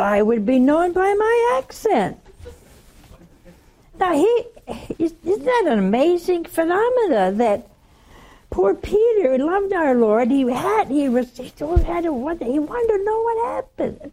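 Southern woman preacher, older, slow and mellow, animated storyteller who hushes for quotes. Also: very high-pitched. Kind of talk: sermon.

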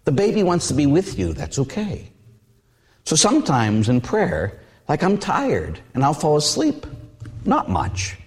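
Male priest, sermon, lively pitch swings, acts out voices, long hall echo. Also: a little slow. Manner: animated storytelling, acts out voices and hugs.

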